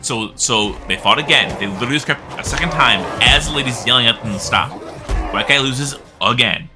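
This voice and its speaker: A man's voice: mid-range voice, fairly quick, music in the background. A man hosting a podcast, animatedly telling a story and laughing as he goes. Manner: animated, laughing, acts out quotes. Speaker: podcast host. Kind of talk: casual storytelling.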